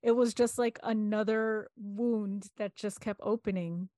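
A woman's voice: mid-range voice, fairly even intonation, measured pace, warm tone, no room sound, studio quality. A young woman co-hosting a candid talk, earnestly retelling events with quoted dialogue. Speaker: podcast co-host. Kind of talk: candid personal conversation.

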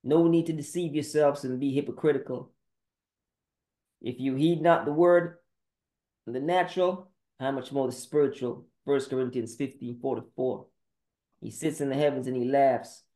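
Terse Bible citations come in a confrontational stream from this male podcast preacher during his sermon monologue. His medium-pitched voice has a dark tone and fairly even intonation, and he talks at normal speed.

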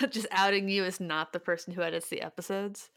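A young woman co-hosting a podcast, with a smooth, clear voice and a teasing, easy manner. She laughs often as she chats, and she is recorded dry and close to the mic. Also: medium pitch, steady tone, brisk, a bit bright, no room sound. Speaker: podcast co-host and editor. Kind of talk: casual chat.

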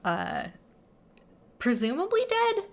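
A woman in relaxed conversation, walking through a film's plot scene by scene. She laughs often and tosses in amused asides as she recaps. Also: very high-pitched, slow pace. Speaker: podcast co-host. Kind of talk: casual film discussion.

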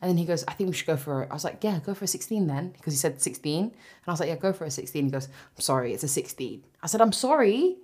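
A young woman co-hosting a podcast, telling an animated story in casual chat and swearing freely. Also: sits low, fast talker, husky. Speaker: podcast co-host.

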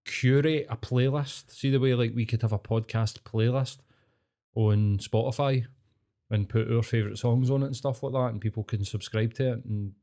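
This is a young Scottish man co-hosting a podcast, chatting loosely about films. He rambles, swears casually and sits at a middling pitch, with nothing forced in his delivery. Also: normal speed. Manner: swears a lot, rambling and animated. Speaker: podcast co-host. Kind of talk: casual chat.

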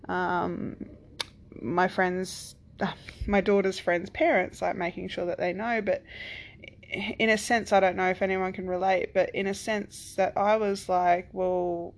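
A woman's voice: on the low side, little pitch movement, measured pace. A woman in her thirties or forties, a single parent, telling a personal story in a casual, rambling way, with lots of "like" and "um" and some swearing. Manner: rambling, full of "like" and "um", swears freely.

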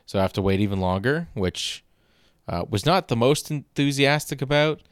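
A man's voice: medium pitch, expressive, moderate pace, smooth, no room sound, clean studio sound. A young man hosting a podcast, telling a rambling comedic story in an exasperated way with casual swearing. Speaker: podcast host.

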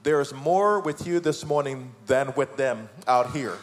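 A man with a Jamaican accent, a guest pastor preaching with fervor that climbs from low and measured to loud and soaring. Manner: fervent, builds from low and slow to loud and high.

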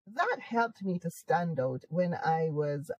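A Jamaican woman being interviewed, her husky, mellow voice leaping about in pitch as she talks with bubbling enthusiasm. She laughs readily and leans on her words for emphasis, recorded close in a dry space. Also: takes it slowly, dry recording, rough recording. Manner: animated, laughs often, emphatic and upbeat. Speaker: interview guest. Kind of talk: casual conversational interview.

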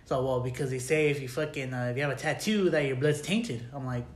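A man's voice: mid-range voice, fast. A man in casual chat, swearing freely and acting out both sides of his stories. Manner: swears constantly, acts out dialogue in stories. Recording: echoey room.

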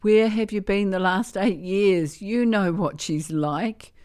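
A woman's voice: mid-range voice, slow, a little mellow, pitched above the performer's own voice, close to an everyday voice. A woman voicing an exasperated young mother who speaks sharply.

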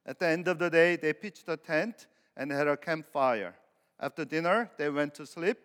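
Clear-voiced pastor preaching in an echoing hall. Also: male voice, on the high side, normal speed, fairly bright tone. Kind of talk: sermon. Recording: long hall reverb.

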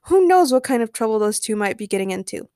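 An earnest, eager young man who calls out to help others and sighs with relief once things settle, as a woman reads him. The voice is fairly high and the recording dry and close. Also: very animated, fast, dark tone, dry recording.

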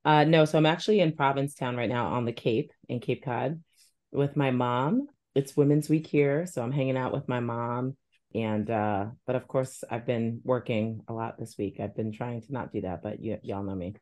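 A woman co-hosting a podcast in casual chat, relaxed and rambling, often trailing off quietly. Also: very deep voice, normal speed. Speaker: podcast co-host.

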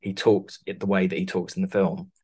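A man's voice: low voice, level tone, fairly quick, darkish tone, slightly rough. A man, a costume designer talking casually in an interview, rambling with many restarts. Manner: rambling, many restarts, laughs through stories.

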